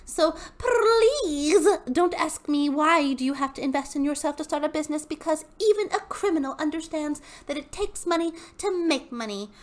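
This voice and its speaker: A woman's voice: sits high, lively intonation, normal speed, hardly any pauses, pitched above the performer's own voice. Woman doing a peppy MLM saleslady. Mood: salesy. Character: peppy female MLM seller reading her posts.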